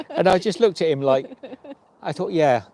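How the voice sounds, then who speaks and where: A man's voice: high-pitched, warm tone. Chatty man telling anecdotes. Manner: chatty anecdotes acting out quoted dialogue. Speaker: vlogger and long-distance hiker. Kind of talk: livestream storytelling chat.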